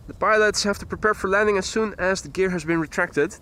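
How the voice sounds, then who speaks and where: A man's voice: high voice, moderate pace, hardly any pauses, bright, forceful tone. A man hosting a live plane-spotting stream, giving jokey, chatty commentary and often laughing. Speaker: plane-spotting livestream host. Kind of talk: live commentary and reading chat aloud. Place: outdoors at an airport spotting spot.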